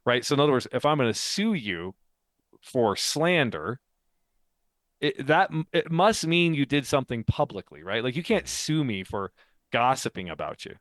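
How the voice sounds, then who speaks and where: A man's voice: medium pitch, big pitch swings, normal speed, fairly bright tone, dry recording. A man co-hosting a faith podcast, explaining ideas in casual chat, talkative and laughing often. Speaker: podcast co-host and author.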